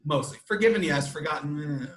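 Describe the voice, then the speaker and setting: A man hosting a podcast who tells stories in an animated way, with frequent restarts. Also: on the high side, fairly quick. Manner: animated storytelling, many restarts. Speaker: podcast host. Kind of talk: casual chat. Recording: echoey room.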